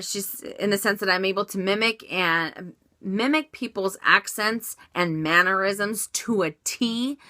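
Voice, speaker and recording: A woman's voice: mid-range voice, pushed and bright, no room sound. A woman chatting casually as she answers viewer questions in a vlog, upbeat with many fillers and restarts.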